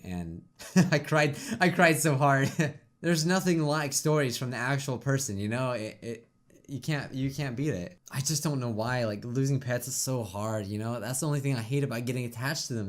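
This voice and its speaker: A man hosting a reaction video, talking casually and rambling with many restarts, choked up and close to tears. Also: medium pitch. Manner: rambling, halting, with many restarts and tearful pauses. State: tearful, choked up. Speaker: YouTube reaction host. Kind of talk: emotional casual reaction talk.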